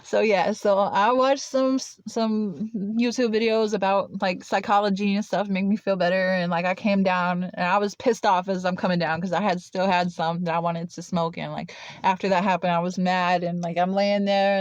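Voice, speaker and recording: A woman's voice: fairly low pitch, steady tone, normal speed, no echo, lo-fi sound. Young woman rambling with constant "like". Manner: rambling, filler-heavy with constant "like". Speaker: vlogger. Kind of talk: casual personal storytelling.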